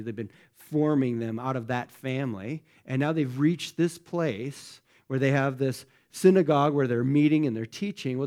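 A man's voice: mid-range voice, a little mellow. A man preaching a sermon as pastor, speaking conversationally and tagging many lines with rhetorical questions. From United States.

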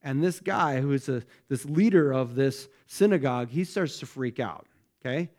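A man's voice: mid-range voice, normal speed, a little mellow. A man preaching a sermon as pastor, speaking conversationally and tagging many lines with rhetorical questions. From United States.

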